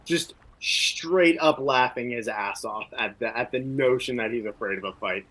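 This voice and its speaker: A man's voice: medium pitch, moderate pace, hardly any pauses, sharp tone, poor audio. A man playing a tabletop game, describing his character's actions and laughing often. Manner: laughs often, shifts into a proud warrior voice. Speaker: player. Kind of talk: tabletop role-play, narrating his character.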